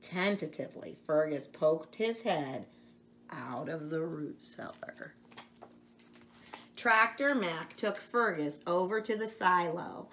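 Slow, expressive woman reading a storybook. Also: on the low side, a little hiss or hum. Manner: expressive, slow, chats to the listener between pages. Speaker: storyteller reading a picture book aloud. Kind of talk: read-aloud storytelling for children.

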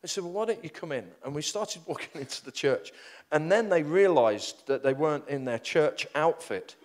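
A middle-aged preacher telling stories from the pulpit, his voice pitched a touch high and swooping all over. He rambles, restarts and pokes fun at himself as he goes. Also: normal speed. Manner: animated, self-deprecating, rambling with restarts. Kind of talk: storytelling sermon.

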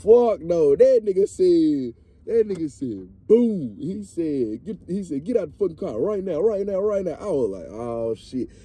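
A young man, telling a story to friends in a car in an animated, profane, laughing way. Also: a little high, unhurried, husky. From Mississippi, US. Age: young adult. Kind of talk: casual storytime among friends.

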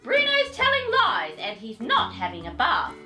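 An exasperated storybook mum, as a woman reading aloud puts her on, barking orders up high. The pitch is raised and lively, with music behind. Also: normal speed, echoey room, exaggerated voice. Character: scolding mother calling up the stairs.

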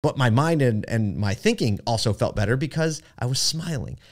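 A man's voice: medium pitch, animated, normal speed. A man hosting a podcast, telling a story in a chatty way with many fillers and asides. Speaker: podcast host. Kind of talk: casual storytelling monologue.

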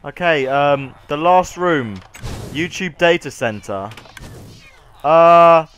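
A man narrating a comedic video game skit, with exaggerated, melodramatic exclamations, sarcastic asides and bursts of panicked yelling. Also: sits high, unhurried, no echo. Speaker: YouTuber touring a game build. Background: clear background music.

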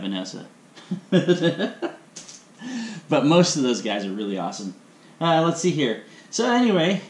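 A man hosting his own cooking video in a home kitchen, talking in a rambling, chatty way full of asides. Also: medium pitch. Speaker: cooking channel host. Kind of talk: casual cooking vlog. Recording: echoey kitchen with faint room noise.

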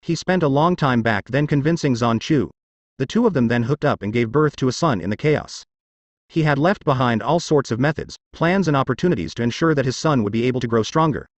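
A man narrating a fantasy webnovel as an audiobook in steady, expressive storytelling. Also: mid-range voice, dry recording, clean studio sound.

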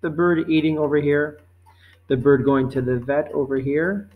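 A man's voice: fairly high pitch, fairly even intonation, phone-quality sound. Patient man reading a quiz lesson. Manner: slow, patient, repeats each question. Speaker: teacher.

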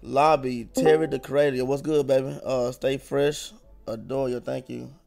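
A man's voice: medium pitch, fairly even intonation, normal speed, creaky. A man streaming a fighting game, chatting casually with friends, laughing and thanking viewers by name. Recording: game music behind the voice.

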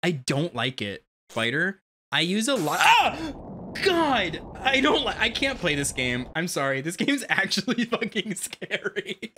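A game streamer giving casual let's-play commentary, excitable and quick to swear and yelp at sudden scares. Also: mid-range voice, background noise. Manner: excitable, swears a lot, yelps at jump scares.

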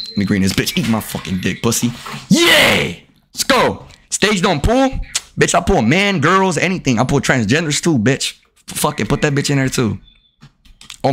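Trash-talking male game streamer, very animated. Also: medium pitch, a little hiss or hum. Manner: profane trash-talking, yelling outbursts at the game and chat. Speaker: video game live streamer. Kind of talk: casual live-stream commentary while gaming.

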